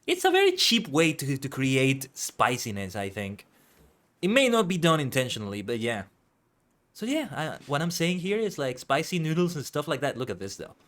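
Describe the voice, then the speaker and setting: A man streaming and chatting casually, animated and exclaiming, often correcting himself mid-sentence. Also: on the high side, moderate pace. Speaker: VTuber streamer. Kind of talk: casual stream chat and reactions.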